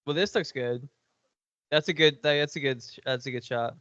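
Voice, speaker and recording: A man's voice: mid-range voice, normal speed, a bit bright, no room sound, muffled recording. A man co-hosting a podcast in casual chat, joking, swearing freely and laughing often. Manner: profane, jokey, laughs often. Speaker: podcast co-host.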